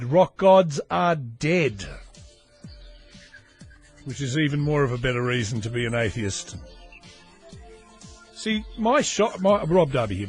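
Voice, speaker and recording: A man, hosting his own podcast in a chatty, self-mocking, rambling way full of asides. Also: medium pitch. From Australia. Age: 40s. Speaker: podcast host. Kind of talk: casual solo podcast rambling.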